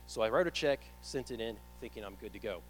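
Animated young man preaching a sermon. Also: on the low side, fast talker, rough recording. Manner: animated storytelling, acts out his own panic. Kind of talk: sermon with personal story.

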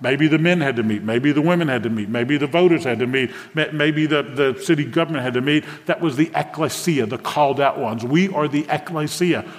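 A man's voice: on the high side, brisk, few pauses. A man, a pastor preaching a sermon to a congregation, engaging them with questions. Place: church sanctuary with a congregation. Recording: long hall reverb from a church.

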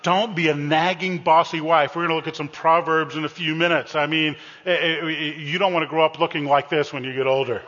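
Male pastor, fairly high and bright, humorous sermon, heard on a dull, slightly muffled church recording. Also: fairly even intonation, fairly quick, few pauses, in a large hall. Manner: playful, teasing, addresses the congregation directly.

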